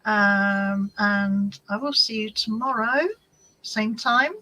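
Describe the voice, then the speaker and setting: The recording is low quality as a slow-speaking British woman with a mid-range, sharp voice hosts a relaxed live-stream chat from her home for her craft channel. She wanders between topics and speaks to commenters by name.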